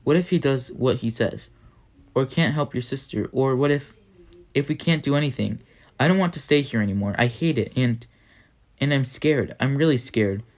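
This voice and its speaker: A man's voice: mid-range voice, moderate pace, close to an everyday voice. A man voicing a frightened, stubborn young girl who pleads anxiously.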